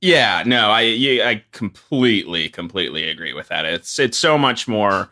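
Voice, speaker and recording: A man's voice: lowish voice, expressive, bright, forceful tone. A man with a Canadian accent co-hosting a casual podcast, joking about himself and restarting his sentences. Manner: self-deprecating, halting restarts. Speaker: podcast co-host.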